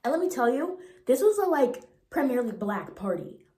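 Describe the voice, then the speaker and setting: A woman in her twenties tells a story for her vlog in a lively, slangy way. She acts out the other people's voices as she goes. Her voice sits a little high, and the room sounds echoey. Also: brisk. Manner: animated and slangy, acting out the voices. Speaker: vlogger. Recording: roomy echo.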